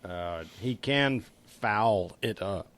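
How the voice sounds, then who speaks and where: A man co-hosting a podcast, making dry, low-key quips, often trailing off quietly. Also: takes it slowly, dry recording. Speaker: podcast co-host. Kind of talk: casual podcast chat.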